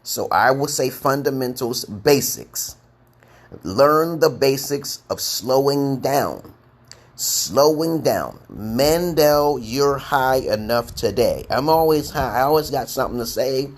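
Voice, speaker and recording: A man's voice: mid-range voice, measured pace. A man teaching English on a live stream, reading out viewers' comments in a playful, boastful way. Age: adult. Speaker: online English tutor.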